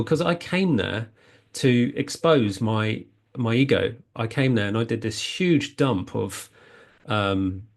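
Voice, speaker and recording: A man talking earnestly as a spiritual healing coach, rambling and often restarting his sentences. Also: medium pitch. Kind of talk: casual spiritual talk.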